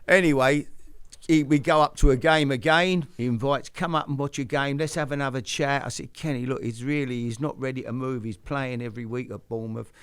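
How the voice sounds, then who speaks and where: Older man with a gravelly voice. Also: medium pitch, fairly even intonation, brisk, a bit bright. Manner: rambling, with many restarts and "you know". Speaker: host. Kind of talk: casual storytelling chat.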